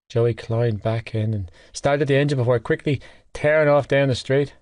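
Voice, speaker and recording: Male audiobook narrator, wry, even, mid pitch, dry close recording. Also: normal speed, no echo. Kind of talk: first-person novel narration.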